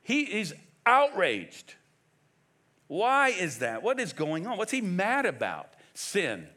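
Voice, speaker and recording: A man preaching a sermon as pastor, emphatic and animated, firing off rhetorical questions. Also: high-pitched, slow.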